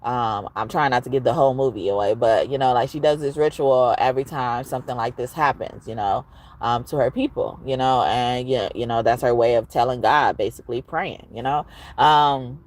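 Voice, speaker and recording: A woman giving a casual, expressive tarot reading, at times reciting rhymes. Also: very deep voice, moderate pace, a little hiss or hum. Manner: expressive, chatty, rhyming recital. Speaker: tarot reader.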